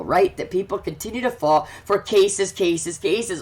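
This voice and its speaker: A man's voice: high-pitched, a little slow, few pauses. A man hosting a commentary vlog, reading news aloud and ranting about it in a fervent, preachy way that urges his listeners. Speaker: channel host.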